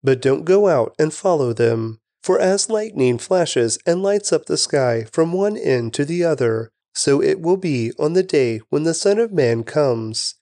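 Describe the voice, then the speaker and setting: A man hosting a daily podcast, reading scripture aloud in a measured, deliberate way and slowing down for emphasis. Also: on the high side, lively intonation, warm tone, no room sound. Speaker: scripture reader, podcast host.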